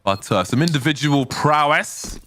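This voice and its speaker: A man gives esports commentary with a bright, forceful tone. He talks through the match in an easy conversational way and lifts his voice for the key calls. Faint noise sits under the voice. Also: fairly high pitch, normal speed. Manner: conversational, rises to excited calls. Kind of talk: play-by-play and analysis commentary.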